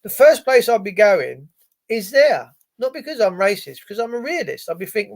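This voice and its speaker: A man ranting on a live stream, his voice sitting high and full of gravel. He swears freely and drifts between sarcastic asides and answers to viewers. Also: big pitch swings, moderate pace. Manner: profane, sarcastic, wandering. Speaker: live-stream host reading chat. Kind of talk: casual ranting commentary.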